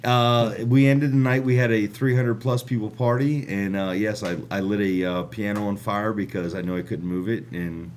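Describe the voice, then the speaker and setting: Low-voiced, wry male singer. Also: steady tone, normal speed, hardly any pauses, slight background noise. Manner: self-deprecating, wry. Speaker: band singer and keyboardist, guest. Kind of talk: casual interview answers.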